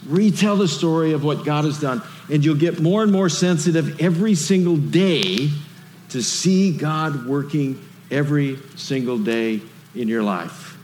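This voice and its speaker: Man, pastor, conversational sermon, rhetorical questions, higher voice, long reverb, faint background noise. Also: unhurried, a little mellow.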